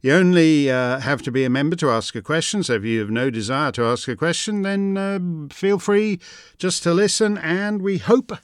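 A man's voice: on the high side, normal speed, smooth, no echo, clean studio sound. A middle-aged man hosting a show, with a wry, theatrical delivery, reading listener questions and musing with frequent "uh"s. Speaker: host. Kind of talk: podcast monologue and listener questions.

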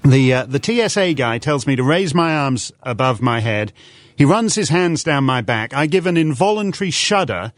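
A man's voice: medium pitch, animated, moderate pace, no room sound, soft background music. A man speaking in a combative, sardonic and mocking way, pressing his point insistently. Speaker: commentator and speaker. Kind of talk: combative debate and stand-up style speech.

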